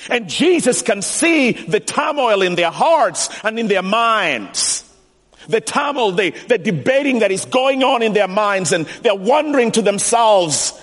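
A man preaching a sermon in a church, animated and emphatic, repeating key lines for weight. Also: high-pitched, slow. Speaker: pastor. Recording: long reverb of a large hall.

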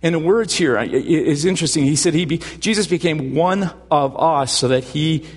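A man's voice: fairly high pitch, moderate pace, slightly rough, long reverb tail. A man preaching a sermon as pastor, earnest and repeating words as he builds up.

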